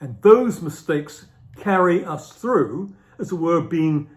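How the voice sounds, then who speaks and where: A man's voice: on the high side, expressive, takes it slowly. A middle-aged man giving an unscripted explanatory lecture, thinking aloud and repeating key phrases for emphasis. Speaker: philosophy lecturer.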